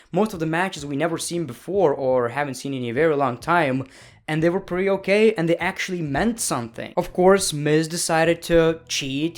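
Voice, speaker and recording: A man giving a casual, opinionated review of a wrestling show, chatty, with lots of fillers and self-corrections. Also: a little high.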